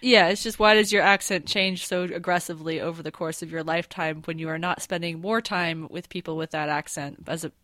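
A woman's voice: lowish voice, steady tone, brisk, few pauses, fairly bright tone, no room sound. A woman co-hosting a podcast, casually talking through a story's structure and thinking aloud. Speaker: podcast co-host. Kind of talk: casual chat.

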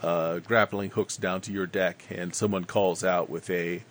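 A man narrating a tabletop game as game master, in a measured way with many filler pauses. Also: sits low, steady tone, a little hiss or hum.

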